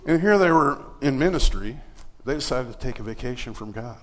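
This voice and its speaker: A mid-range, fairly quick voice echoes with a long reverb tail as a man preaches in church. He tells his own story in a laid-back, conversational style, filling in pauses and acting out the dialogue.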